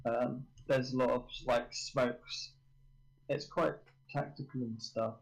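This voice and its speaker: A man's voice: medium pitch, fairly even intonation, takes it slowly, creaky, low-quality recording. A young man, a university student, chatting casually as a stream guest in a laid-back, dry way. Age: young adult.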